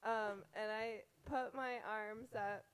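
Slow, giggly young woman chatting. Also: medium pitch, fairly even intonation, clear, resonant tone, low-quality recording. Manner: slow, giggly, halting storytelling. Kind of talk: casual chat.

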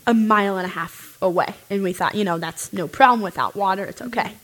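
A young woman casually telling a story, animated and full of "like" fillers. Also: mid-range voice, a little fast, rough recording.

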